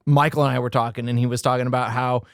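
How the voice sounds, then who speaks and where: A man's voice: mid-range voice, little pitch movement, rapid-fire, dry recording, clean studio sound. A man co-hosting a casual food show, chatting and reading menu descriptions with amused asides. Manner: laid-back, reads promo text with amused asides. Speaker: podcast co-host. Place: studio office.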